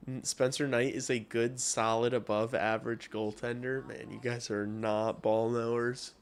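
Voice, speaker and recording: A man watching hockey on a live stream trades blunt, profane talk with viewers and sometimes launches into loud rants. His mid-range voice is clear and resonant, with little pitch movement and an unhurried pace.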